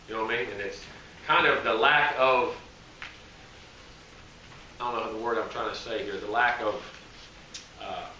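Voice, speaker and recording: Man, head coach at a presser, folksy, rambling, self-correcting; sharp bright tone, heard from afar in an echoey room. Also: medium pitch, far from the mic, slight background noise. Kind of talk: press conference answers. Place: media day press room.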